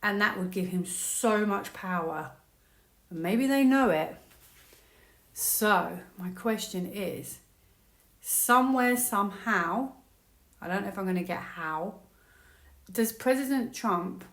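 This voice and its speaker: A woman's voice: medium pitch, slow, long pauses. Chatty woman tarot reader, echoey room. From United Kingdom. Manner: chatty, excitable, conspiratorial. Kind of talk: casual tarot reading to camera.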